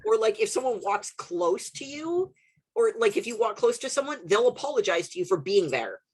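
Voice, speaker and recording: Young adult woman, from Canada, podcast host, casual storytelling, lively pitch, husky voice, swears. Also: normal speed. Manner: animated storyteller, swears, laughs often. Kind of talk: casual chat.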